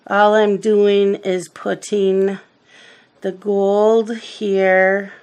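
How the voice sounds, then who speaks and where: A woman's voice: mid-range voice, flat delivery, very slow, darkish tone, clear, resonant tone. A middle-aged woman hosting a coloring video, chatting casually and telling rambling family stories while she works. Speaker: coloring channel host.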